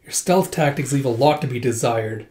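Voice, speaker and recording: A man's voice: medium pitch, moderate pace, darkish tone, natural voice. A man reading a smug martial artist. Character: cocky adult male martial artist, teasing. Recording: roomy echo.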